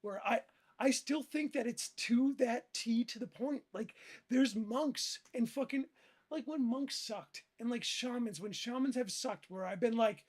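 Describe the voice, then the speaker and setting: A high-voiced man rambles through gaming stories in loose, profane chat. He piles on filler words and curses, and his voice swings from low mutters to loud bursts. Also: a little slow, husky. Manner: rambling, animated, heavy swearing and filler words. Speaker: gaming streamer.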